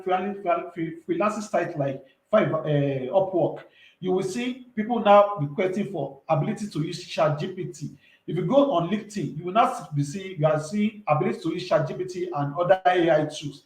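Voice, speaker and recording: A man's voice: high voice, brisk, echoey room, rough recording. A man, talking earnestly and emphatically as an entrepreneur guest in a casual interview, often repeating himself.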